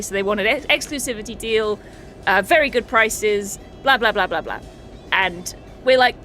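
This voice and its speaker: Chatty woman streamer with a bright voice. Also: mid-range voice, moderate pace, slight background noise. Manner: chatty, swears casually, laughs often. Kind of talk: casual chat recapping a tabletop campaign.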